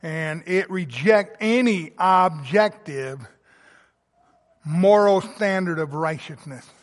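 High-voiced preacher in a reverberant hall. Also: male voice, slow. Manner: emphatic preaching, swelling to loud emphasis then dropping soft. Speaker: pastor. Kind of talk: sermon.

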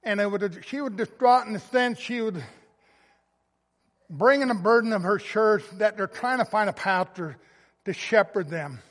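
A man preaching a sermon as a pastor, slow and emphatic, swelling loud and then dropping soft. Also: high voice, long reverb tail.

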